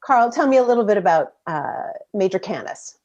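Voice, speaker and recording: A woman hosting a behind-the-scenes interview over a video call, introducing each guest in an upbeat, measured way. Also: medium pitch, big pitch swings, darkish tone. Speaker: interviewer host. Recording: muffled lo-fi video call audio.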